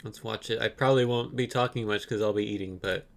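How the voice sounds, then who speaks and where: A man streaming, chatting casually with relaxed, offhand asides. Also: fairly low pitch, quick pace, gravelly.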